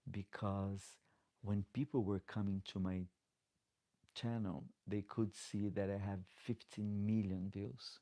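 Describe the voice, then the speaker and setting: A man's voice: fairly low pitch, warm tone, no echo. A middle-aged man hosting a live Q&A as a drag performer, chatting loosely in slightly broken English with lots of restarts. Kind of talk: casual live-stream chat, reading viewer comments. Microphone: desk microphone.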